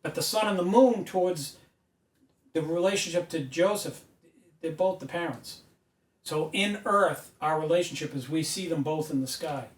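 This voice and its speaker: With a slightly high voice at normal speed, a man delivers a preachy, emphatic whiteboard lecture that climbs to loud insistence. The camera mic sits far away in an indoor room, giving an echoey sound.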